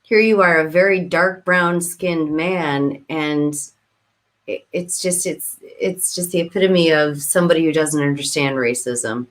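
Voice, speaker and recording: A woman recalling events as a guest on a livestream, speaking haltingly with many restarts. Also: sits low. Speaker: guest volunteer. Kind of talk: casual recollection on a livestream.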